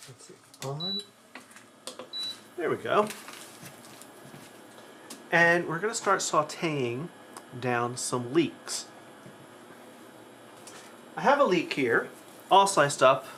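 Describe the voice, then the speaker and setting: Bright-voiced chatty man hosting a cooking stream. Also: a little high, very animated, drawn-out words, long pauses, slight background noise. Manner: chatty storyteller who talks to the chat. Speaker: cooking show host. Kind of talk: live-streamed cooking demo.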